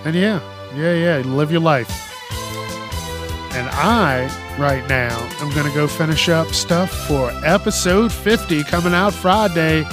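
A man's voice: on the high side, unhurried, music in the background. A man hosting a podcast, telling a news story in a casual, profane way and often laughing. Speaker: podcast host.

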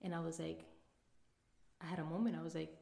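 Female podcast co-host, low-ish voice, earnest and reflective, echoey room. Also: little pitch movement, fairly quick, creaky, dark tone. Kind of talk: casual podcast chat.

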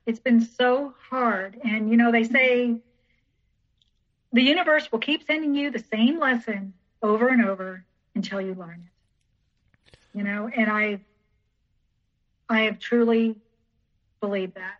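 Woman, podcast guest, recounts her past in a rambling, repetitive way; fairly high voice; muffled lo-fi recording. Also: a little slow, long pauses. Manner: rambling, repeats herself, acts out others' lines. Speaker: teacher. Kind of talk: personal storytelling in an interview. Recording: dull lo-fi recording.

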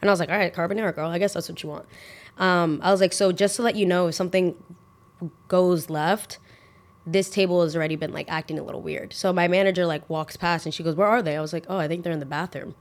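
A woman's voice: on the low side, fast talker. Chatty young woman telling a story. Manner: animated, acts out quoted dialogue, heavy use of "like". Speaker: podcast host. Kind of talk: casual storytime.

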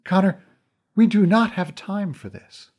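A man's voice: sits high, expressive, a little slow, darkish tone, pitched above the performer's own voice, exaggerated voice. A man reading a stern, formal fae woman warrior, speaking in clipped phrases without contractions. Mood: impatient.

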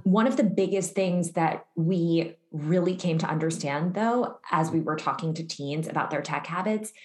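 A woman researcher speaks earnestly and fluently in long sentences. Her voice is fairly low. It carries a roomy echo around it. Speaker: researcher guest. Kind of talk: explanatory interview answer.

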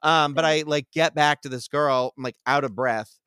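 A man's voice: fairly high pitch, normal speed, bright, forceful tone, clear, resonant tone, no room sound, clean studio sound. A man casually telling a long story, full of likes, fillers and restarts. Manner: rambling, filler-heavy with many likes and restarts. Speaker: podcast guest telling stories.

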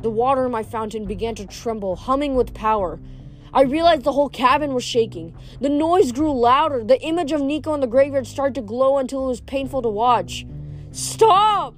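A woman's voice: high-pitched, fairly quick, faint music behind. Woman reading a novel aloud. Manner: occasional stumbles and restarts. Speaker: reader.

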